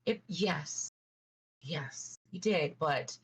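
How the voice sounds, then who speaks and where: Woman player, husky, very slow, soothing and soft. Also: fairly low pitch, poor audio. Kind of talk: playing a character in a tabletop game.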